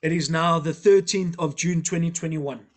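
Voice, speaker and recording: A man hosting a casual interview, telling stories in an animated, jokey way. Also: fairly high pitch, normal speed. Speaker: podcast host.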